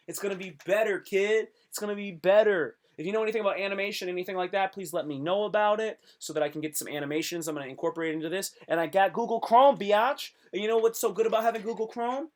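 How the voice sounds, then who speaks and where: A young man hosting his own live stream, talking to viewers in a hyped, rambling, self-motivating way. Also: high-pitched. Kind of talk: casual live stream monologue.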